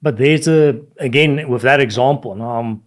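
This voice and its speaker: A man's voice: mid-range voice, normal speed. A man, a guest in an interview, making his points emphatically and dropping his voice to quote others. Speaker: guest, advocacy spokesman. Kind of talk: argumentative interview talk.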